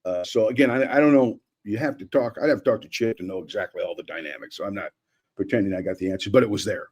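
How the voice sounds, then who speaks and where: An older man, a former football coach, breaking down game film in a lively, rambling way, acting out old conversations. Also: fairly low pitch, quick pace, slightly rough. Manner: animated, acts out quotes, many restarts. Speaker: former offensive coordinator, analyst.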